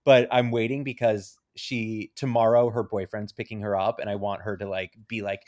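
A man's voice: mid-range voice, animated, normal speed, hardly any pauses, no echo. A man co-hosting a podcast, telling a story in casual chat and acting out both sides of a conversation. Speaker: podcast co-host.

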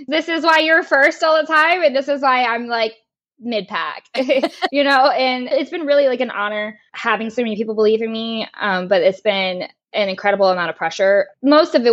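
A woman's voice: mid-range voice, fairly quick, fairly bright tone. A young woman in an interview, talking candidly and with feeling about her racing, laughing often and swearing freely. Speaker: podcast guest, race car driver. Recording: lo-fi muffled audio.

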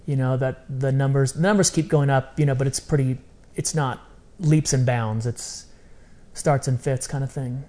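A middle-aged man talking as a podcast guest in casual interview chat, animated and repeating phrases for emphasis. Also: mid-range voice, moderate pace. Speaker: podcast guest, ministry founder.

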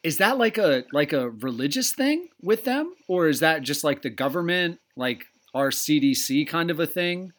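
Joking male podcast host, slightly high. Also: big pitch swings, normal speed, hardly any pauses, fairly bright tone. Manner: laughing, profane, joking banter. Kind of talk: casual podcast chat.

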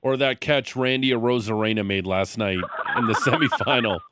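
A man co-hosting a sports radio show, asking questions in a halting, casual way with many fillers. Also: medium pitch, very noisy. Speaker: radio co-host.

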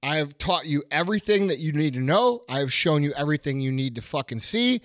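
Expressive and talking a little fast, a middle-aged podcast host with a fairly high, slightly bright voice swears his way through a blunt motivational rant, repeating phrases for emphasis. It's studio quality, with no room sound.

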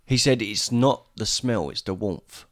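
An easygoing man with a fairly low voice, chatting about a movie in a relaxed way. He agrees readily and laughs along with his co-host. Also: unhurried. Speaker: podcast co-host. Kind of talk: casual film discussion.

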